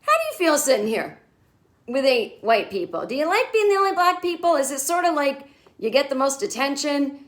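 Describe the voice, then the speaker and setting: A woman's voice: high-pitched, sing-song, brisk, pitched above the performer's own voice. A woman putting on a tactless, awkward middle-aged man who asks blunt, prying questions.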